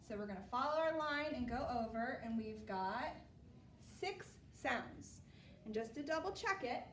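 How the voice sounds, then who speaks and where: A woman teaching children a phonics lesson, patient and steady, checking in often with "okay?". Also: high-pitched, unhurried, roomy sound, distant mic, slight background noise.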